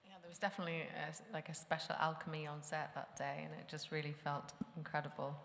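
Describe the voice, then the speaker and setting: Low-voiced woman on a panel. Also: flat delivery, quick pace, creaky, fairly bright tone. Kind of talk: casual panel chat. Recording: echoey hall, live event.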